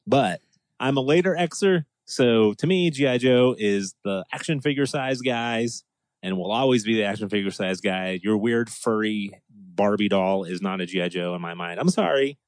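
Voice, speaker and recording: A man in his forties from New England, co-hosting a casual chat, talking in an animated way with frequent laughs. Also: fairly low pitch, dry recording. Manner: animated, laughing, does quick impressions. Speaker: podcast co-host.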